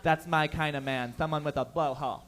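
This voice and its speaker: A man's voice: on the high side, steady tone, fairly quick, a bit bright, slight background noise, close to an everyday voice. A man voicing a woman who swoons and gushes in a breathless manner. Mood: swooning. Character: swooning woman gushing over a hairless man.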